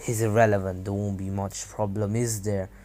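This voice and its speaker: A man voicing an arrogant young male ninja bully, dismissive and sneering, in a lower, softer voice than his own. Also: flat delivery, normal speed, close to an everyday voice. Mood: taunting.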